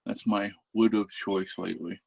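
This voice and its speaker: A man with a somewhat low voice hosts a relaxed livestream chat. He talks easily and coos to his cats between remarks. The sound is dry and close. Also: moderate pace, vocal fry, no room sound, poor audio. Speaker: livestream host.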